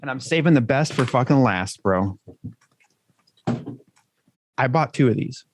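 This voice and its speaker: A man's voice: medium pitch, expressive, a little slow, a little hiss or hum. A man co-hosting a podcast in loose, joking banter, swearing freely as he chats. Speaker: podcast co-host.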